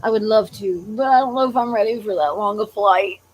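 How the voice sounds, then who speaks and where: A woman's voice: mid-range voice, fairly quick, dull audio, crowd noise. A woman co-hosting a casual chat, telling anecdotes and admitting she is a nervous traveler. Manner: storytelling, admits nervousness, acts out quotes. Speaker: co-host.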